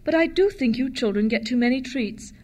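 A woman playing a prim mother who grudgingly gives her children treats. She sounds mildly disapproving, and her voice sits slightly high. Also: lively intonation, brisk, a little mellow. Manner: reluctant, disapproving.

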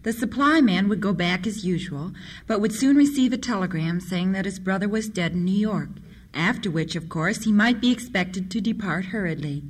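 A woman reading an adventure story aloud in a steady, measured manner. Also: mid-range voice, husky. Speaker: narrator.

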